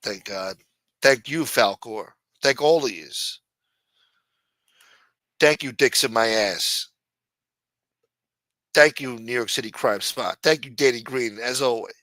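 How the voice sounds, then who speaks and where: Brief: loud-mouthed male stream host, bright tense voice, dry close mic. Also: medium pitch, takes it slowly, long pauses, dry recording, poor audio. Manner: brash, profane, shouts out chat donors. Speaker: livestream host. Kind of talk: casual livestream chat.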